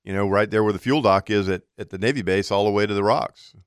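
A man's voice: on the low side, quick pace, smooth, no room sound, studio quality. A man co-hosting a casual radio talk show, playful and joke-telling.

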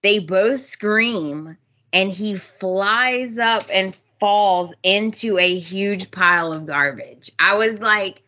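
A woman's voice: mid-range voice, takes it slowly, bright, forceful tone, dull audio. A woman co-hosting a podcast, retelling soap opera scenes in emphatic casual chat. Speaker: podcast co-host.

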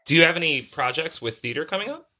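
A man's voice: a little high, expressive, fast talker. A man co-hosting a podcast, joking and a bit mock-whiny in casual chat. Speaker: podcast co-host. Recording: loud crowd noise behind.

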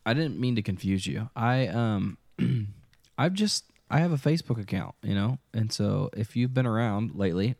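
A man's voice: lowish voice, expressive, moderate pace, vocal fry, a little mellow, no room sound. A man co-hosting a podcast, chatting casually and rambling with lots of hesitations. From Midwest of the United States. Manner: rambling, hesitant with many ums. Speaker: podcast co-host. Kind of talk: casual chat.

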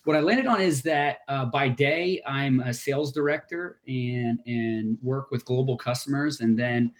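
A man's voice: medium pitch, unhurried. Man from the American South, cheerful guest, casual call audio. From Southern United States. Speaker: podcast guest, sales director. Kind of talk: casual interview chat. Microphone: video call.

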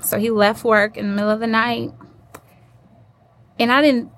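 A woman with a fairly high voice tells her own story as an interview guest. She is earnest and acts out the people she quotes. Faint background noise sits under the voice. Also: steady tone, moderate pace, fairly bright tone.

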